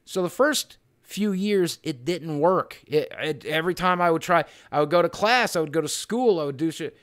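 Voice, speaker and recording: A man's voice: on the high side, animated, normal speed, fairly bright tone. A man hosting a casual advice vlog, answering a viewer's question in a blunt, candid way with frequent ums and some swearing. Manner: storytelling with reported dialogue, frequent ums.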